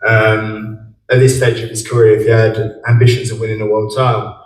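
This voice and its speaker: A young man, a boxer, giving measured press conference answers with many ums. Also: on the low side, flat delivery. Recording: echoey room from far off with faint ambience.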